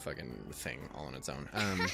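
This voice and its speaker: A man's voice: a bass voice, normal speed, creaky, over loud music. A man hosting a let's play, alternating casual, profane, rambling commentary with reading the game's text aloud.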